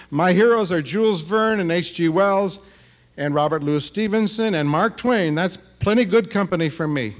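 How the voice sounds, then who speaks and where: Fiftyish writer guy giving a talk, kinda high voice, feisty, keeps going "huh?". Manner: animated, feisty, tags "huh?" after remarks. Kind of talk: lively speech to an audience.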